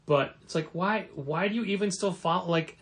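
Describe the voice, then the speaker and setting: A man with a fairly high voice co-hosts a comic shop podcast in loose, chatty banter. He gets animated and acts out quoted remarks in a raised, mocking tone. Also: moderate pace. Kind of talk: casual podcast chat.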